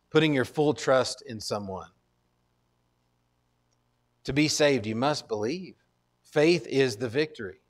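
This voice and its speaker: Earnest man preaching a conversational sermon. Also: a little high. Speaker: pastor. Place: church.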